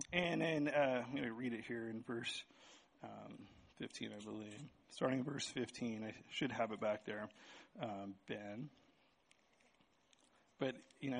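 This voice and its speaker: A man's voice: mid-range voice, breathy edge. A man preaching to a church congregation, casual and chatty, often checking in with "right?" as he runs a live object lesson. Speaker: pastor. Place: church sanctuary with band.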